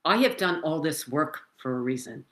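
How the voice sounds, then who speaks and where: A woman in her seventies sharing her own story in casual talk, animated and emphatic, talking with her hands, into a computer mic indoors. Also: low-pitched, moderate pace. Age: 70s.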